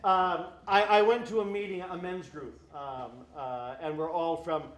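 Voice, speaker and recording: A man's voice: high-pitched, fairly even intonation, unhurried. A man, a priest giving an evening talk to a live audience, speaking in a wry, joking way with mock dialogue. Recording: echoey room.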